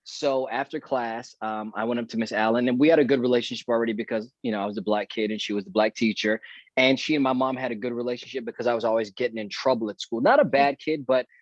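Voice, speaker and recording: A man's voice: medium pitch, steady tone, quick pace, dry recording. A man who is a guest actor, telling a story in a casual podcast chat and acting out the dialogue he remembers. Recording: dull, dry lo-fi audio.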